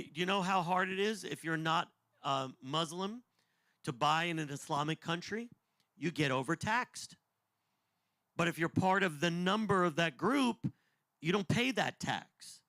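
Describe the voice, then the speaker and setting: A man in his fifties teaching on the end times in a loose, animated, jokey way, wandering off on tangents. His voice sits high and has a gravelly edge. The sound is dry and close, with no room around it. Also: no room sound. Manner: animated, jokey, digressive, acts out voices in quotes. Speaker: podcast host and Bible teacher.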